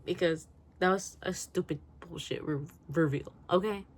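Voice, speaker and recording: Woman, low voice, casual rant, profane, rambling, laughs a lot, faint background noise. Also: moderate pace. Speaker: book reviewer.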